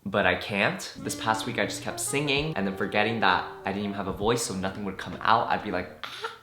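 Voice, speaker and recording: A man's voice: on the low side, a little fast, sharp tone. A young man from California chatting casually to camera, self-mocking, his voice still healing from a cough. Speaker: vlogger. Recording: echoey room with music under.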